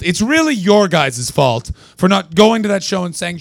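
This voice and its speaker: Man, from Canada, stand-up comic, gravelly fry, sarcastic, profane, dry close sound. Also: sits high, sing-song, moderate pace, hardly any pauses, dry recording. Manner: profane, sarcastic, bursts into yelled punchlines. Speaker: stand-up comedian. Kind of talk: live stand-up with crowd work. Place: small venue at a comedy festival.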